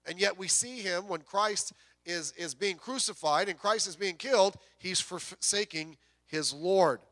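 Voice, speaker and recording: Bright-voiced emphatic male preacher. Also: high-pitched. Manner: emphatic, rhetorical questions, drawn-out key words. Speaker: pastor. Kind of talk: sermon.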